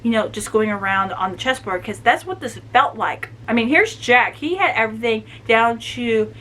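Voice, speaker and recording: A woman's voice: on the high side, moderate pace, slight background noise, low-quality recording. A woman giving a casual, chatty book review recap, talking animatedly and filling her sentences with "like". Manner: chatty and animated, many "like" fillers.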